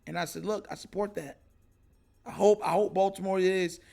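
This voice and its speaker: A man hosting his own podcast, telling a story casually and acting out excited moments. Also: high voice, moderate pace, gravelly. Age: adult. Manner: animated, retells others' lines with raised excited voice. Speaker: podcast host.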